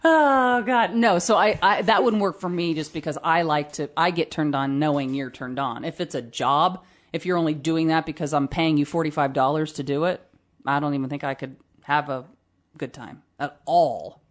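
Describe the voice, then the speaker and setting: Brief: lower-pitched woman, salty podcast co-host, lively storyteller who swears freely. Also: moderate pace. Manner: swears freely, animated storytelling with acted quotes. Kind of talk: raunchy casual chat. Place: studio.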